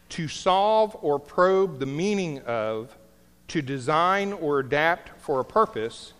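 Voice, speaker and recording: Animated high-voiced male preacher in a reverberant hall. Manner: storytelling, animated, jokey asides. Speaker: pastor. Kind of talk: sermon. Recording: large hall with long reverb.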